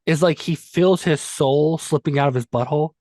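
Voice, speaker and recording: Animated man recapping a movie. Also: fairly high pitch, normal speed, a loud crowd. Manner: animated storyteller, recaps plots with vivid jokes. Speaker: podcast co-host. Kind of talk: casual movie-review chat.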